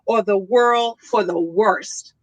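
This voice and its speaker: A woman's voice: mid-range voice, takes it slowly, no echo. A woman guest speaker in a heartfelt conversation, teaching in an affirming way and checking in with her listener. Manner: teaching, affirming, checks in with okay and all right.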